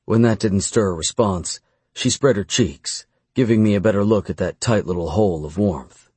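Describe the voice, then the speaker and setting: A man narrating an erotic audiobook in the first person, with a slow, measured, commanding delivery. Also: on the low side, dark tone, breathy edge, no room sound.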